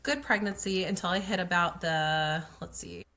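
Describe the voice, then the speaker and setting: A woman's voice: on the low side, normal speed, pushed and bright. A woman, a guest telling her pregnancy story in a casual, chatty way, full of "like" and acted-out quotes. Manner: chatty, frequent "like" fillers, acts out quoted dialogue. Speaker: guest, pelvic floor occupational therapist.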